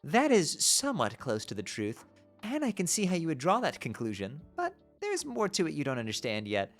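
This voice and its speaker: A man's voice: a little high, huge pitch swings, brisk, faint music behind. A man reading aloud as a cryptic, teasing woman in a put-on posh British accent.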